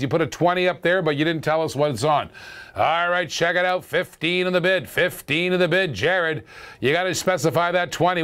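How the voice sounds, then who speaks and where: A man with a slightly high voice runs a live auction on a stream. He talks in a jokey, chatty way, laughs a lot, and keeps repeating the current bid. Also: a bit bright, clean tone.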